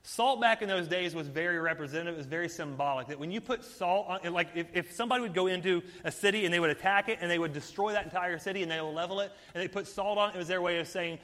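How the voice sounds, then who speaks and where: A man's voice: high voice, fast, few pauses, fairly bright tone, long reverb tail. A man preaching a sermon, retelling a story with playful asides. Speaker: pastor.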